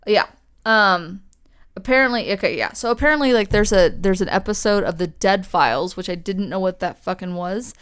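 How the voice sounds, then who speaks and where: A woman's voice: mid-range voice, moderate pace, smooth. A young woman co-hosting a podcast, telling a story in casual chat, chatty and swearing freely with lots of fillers. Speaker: podcast co-host.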